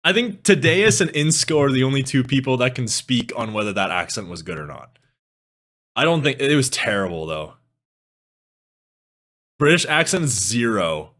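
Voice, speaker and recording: A young man from Canada chatting casually on a live stream, animated, laughing often and swearing freely. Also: medium pitch, normal speed, long pauses. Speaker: music streamer.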